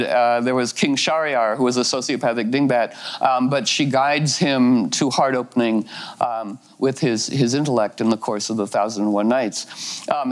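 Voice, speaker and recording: A man's voice: medium pitch, rough recording. A man giving a meandering, playful astrology talk, full of "you know" fillers and laughing asides. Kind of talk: rambling spoken talk.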